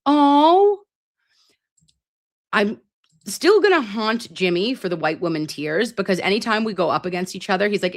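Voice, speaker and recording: Woman host for casual live-stream chat: low-ish voice that swings widely in pitch, animated, curses freely. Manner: animated and expressive, swears freely. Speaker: live stream host reading viewer comments.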